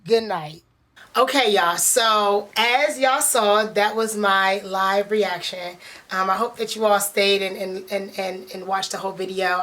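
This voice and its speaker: A woman's voice: medium pitch, a bit bright. A young woman giving blunt, sassy live commentary on a reality show, laughing and cursing as she reacts. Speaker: reaction vlogger.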